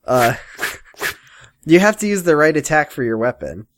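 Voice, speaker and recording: A man's voice: fairly high pitch, big pitch swings, moderate pace, noisy background. A man co-hosting a casual podcast, joking and swearing as he mocks a show's characters. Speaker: podcast co-host. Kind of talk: casual comedic chat recapping a show.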